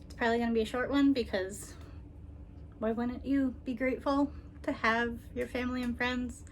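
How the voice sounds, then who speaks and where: A woman vlogger talking casually and tenderly, with frequent ums and soft laughs, near tears. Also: on the high side, fairly even intonation, normal speed, slight background noise. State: emotional, holding back tears. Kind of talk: casual personal vlog.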